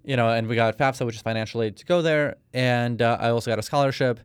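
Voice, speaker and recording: A Russian man in his thirties, appearing as a podcast guest, tells a personal story in a rambling, casual interview style with many fillers. He talks fast in a smooth, medium-pitched voice. There's no echo.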